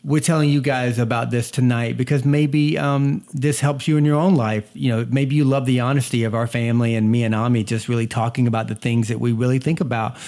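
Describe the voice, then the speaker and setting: A family vlogger with a mixed Southern US accent from North Georgia chats casually, telling stories, repeating words and stuttering slightly. His medium-pitched, darkish voice has fairly even intonation and moves fairly quickly with few pauses.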